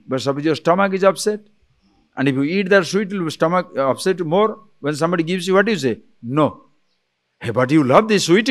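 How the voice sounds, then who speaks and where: Animated man giving a spiritual lecture. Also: on the high side. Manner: animated, rhetorical questions, chuckles often. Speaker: spiritual teacher.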